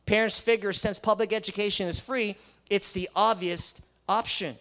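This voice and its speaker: A man's voice: high voice, fairly even intonation, normal speed, pushed and bright, clear, resonant tone. A man who is a Christian school principal, preaching an emphatic sermon full of rhetorical questions and sarcastic asides.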